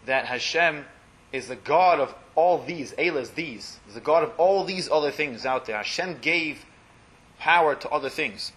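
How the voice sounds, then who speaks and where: Bright-voiced man teaching a Torah class. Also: on the high side, expressive, moderate pace. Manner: explanatory, translating Hebrew phrases line by line, often trails off quietly. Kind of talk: religious class lecture. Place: classroom with a small group.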